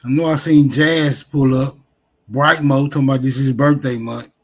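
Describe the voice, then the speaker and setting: A man's voice: medium pitch, steady tone, moderate pace. A man hosting a casual livestream, greeting viewers and teasing callers with loose, profane banter. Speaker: livestream host.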